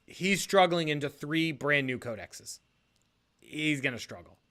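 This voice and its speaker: A man's voice: fairly high pitch, animated, unhurried, sharp tone. Upbeat man rambling in a podcast. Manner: rambling, self-correcting, laughs often. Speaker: league podcast co-host. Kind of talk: casual podcast chat.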